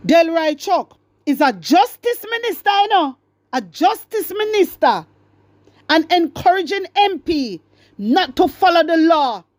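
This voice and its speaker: A Jamaican woman in middle age delivers a fiery political rant as host of her commentary show. Her voice sits high, and the recording is dry and close. She hammers her points with repeated questions and talks straight to her listeners. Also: a little mellow, no echo. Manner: fiery, repetitive, addresses listeners directly.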